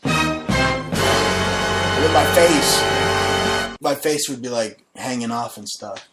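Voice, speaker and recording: A man's voice: mid-range voice, slow pace, over music. A man hosting his own talk show, chatting casually in a brash, crude and mocking way. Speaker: radio show host. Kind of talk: casual crude comedy chat.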